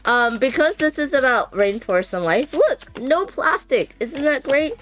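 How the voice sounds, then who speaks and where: Woman chatting and giggling while she unboxes a board game, voice bounces up and down a lot, quiet music behind. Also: high voice, big pitch swings, measured pace, dry recording. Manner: chatty, giggly, thinks aloud. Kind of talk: casual unboxing chat.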